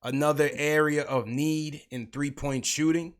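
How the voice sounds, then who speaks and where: Ny guy hosting a basketball stream, chatty, shouts out the viewers. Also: fairly high pitch, steady tone, unhurried. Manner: hypes up the chat, greets viewers. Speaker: livestream podcast host. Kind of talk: casual basketball talk.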